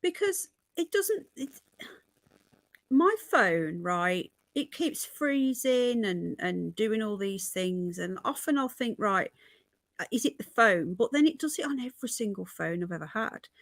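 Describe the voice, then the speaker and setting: In an unhurried, animated, mid-range voice on a dry recording, a middle-aged British livestream host rambles chattily through the news. She stops to greet her viewers partway through sentences.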